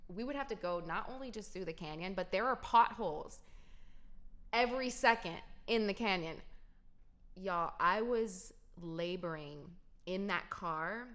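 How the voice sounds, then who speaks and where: A woman's voice: on the low side, a bit bright. A young adult woman telling a personal story to her viewers in a casual, emphatic way. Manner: emphatic, talks straight to viewers. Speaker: vlogger.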